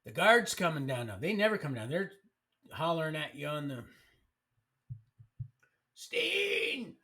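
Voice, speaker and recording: Over a streaming mic, a man with a fairly high, sharp voice and lively intonation talks briskly. He's casually telling his life story on a live stream, rambling and colloquial, and often restarts.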